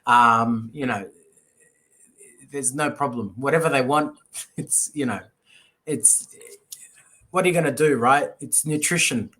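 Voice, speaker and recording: A man's voice: mid-range voice, a little slow, long pauses. Chatty man tutoring over a video call. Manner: animated storyteller, playful and chatty. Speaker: English tutor. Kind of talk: casual conversation lesson.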